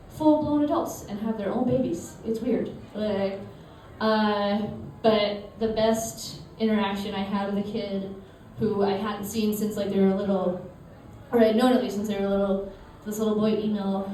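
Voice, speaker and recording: A woman's voice: medium pitch, dark tone, slight background noise. A woman in her thirties from suburban Massachusetts, casually telling anecdotes on stage with a chatty manner and frequent laughs. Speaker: storyteller. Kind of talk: live stage storytelling. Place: live show venue. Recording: echoey room, mic from far off.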